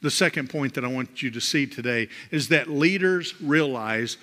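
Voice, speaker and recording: A man preaching a sermon, swinging from loud, rising emphasis to soft, low drops. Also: normal speed, hardly any pauses. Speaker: pastor. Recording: long hall reverb.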